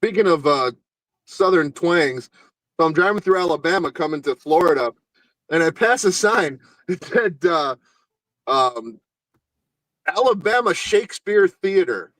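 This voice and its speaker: A man's voice: fairly high pitch, lively intonation, a little slow, pauses often, a bit bright, no echo, poor audio. A man telling a joking story on a livestream, laughing at his own jokes. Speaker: show regular. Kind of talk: casual storytelling.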